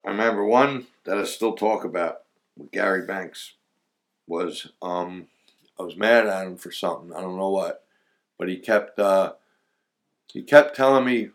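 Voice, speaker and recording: A man's voice: deep voice, moderate pace. A man casually recounting his days digging clams, rambling with fillers and laughing through his stories. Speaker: former clammer recalling old times. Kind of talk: casual storytelling chat.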